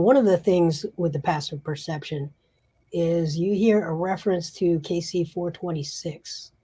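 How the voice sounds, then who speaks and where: A woman narrating a tabletop role-playing game as game master, in a halting way with frequent restarts. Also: sits low, mellow, husky. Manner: halting, many fillers and restarts.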